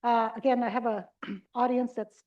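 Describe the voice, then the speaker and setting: A middle-aged woman leading a live dementia care workshop, chatty and animated, acting out little caregiver scenes and talking with the audience. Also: a little high, normal speed, dull audio. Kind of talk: live conference workshop talk. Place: conference room before a live audience.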